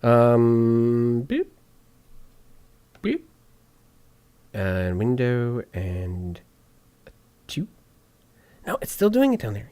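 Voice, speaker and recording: A man walking through podcast audio editing out loud, chatty and joking to himself as he works. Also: medium pitch, wildly swooping pitch, very slow, long pauses, smooth, no room sound. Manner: chatty, jokey asides while working. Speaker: podcast editor streaming his editing session. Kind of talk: casual on-screen tutorial talk.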